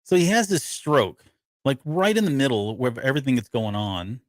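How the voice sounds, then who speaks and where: A man's voice: mid-range voice, very animated, normal speed, no echo. A man co-hosting a podcast, casually breaking down a TV episode in a rambling way with lots of restarts. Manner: rambling, frequent restarts and fillers. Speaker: podcast co-host.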